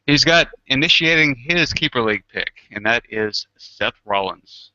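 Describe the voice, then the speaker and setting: A man's voice: medium pitch, expressive, normal speed, sharp tone, lo-fi sound. A man co-hosting a show, announcing draft picks and giving brief replies. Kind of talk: casual chat.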